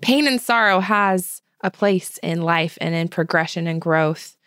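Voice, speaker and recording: A woman's voice: fairly low pitch, unhurried, no room sound, studio quality. Affirming woman podcast host. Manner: warm, affirming, lots of agreeing. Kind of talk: casual interview.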